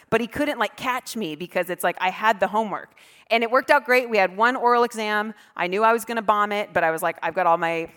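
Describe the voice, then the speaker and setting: A woman pastor tells a funny, self-deprecating story from the stage. She talks in a lively way and acts out her past self and the people around her. Her voice carries a long reverb from a large church hall. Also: a little high. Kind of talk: storytelling sermon.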